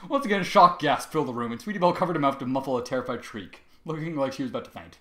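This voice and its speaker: A man reading a fan fiction story aloud with expressive, dramatic delivery. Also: medium pitch, racing, few pauses, echoey room.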